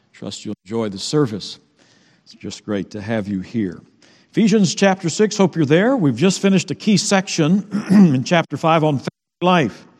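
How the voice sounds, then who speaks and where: A man pastor preaching a sermon to his congregation, talking in a relaxed, conversational way with fillers and repeated words. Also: mid-range voice. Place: church sanctuary. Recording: long church reverb.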